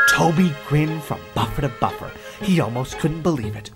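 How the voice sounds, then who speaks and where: A man narrating a children's railway story in an expressive storybook style, over background music. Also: on the high side, moderate pace, few pauses.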